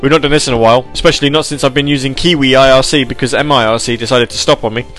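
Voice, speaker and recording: A man's voice: medium pitch, steady tone, rapid-fire, a bit bright, soft background music. A young British man presenting an internet radio show, chatting casually in a rambling, self-mocking way and sometimes putting on an announcer voice, his throat sore from it. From Britain. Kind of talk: casual live radio chat.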